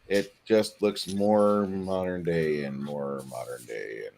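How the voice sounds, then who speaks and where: A man in casual chat, talking enthusiastically with halting pauses. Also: low voice, steady tone, a little mellow.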